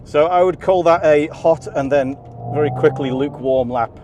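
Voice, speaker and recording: A man giving excited, laughing commentary from inside a car on a race track. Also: on the high side, moderate pace, dull audio. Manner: enthusiastic, laughing often. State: out of breath. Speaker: car vlogger. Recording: car and track noise behind.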